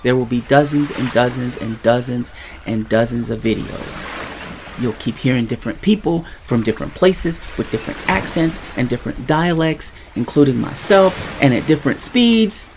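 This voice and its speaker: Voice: mid-range voice, normal speed, a little mellow, slight background noise. Explanatory language teacher in casual monologue. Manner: explanatory, checks in with the listener. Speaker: Spanish teacher.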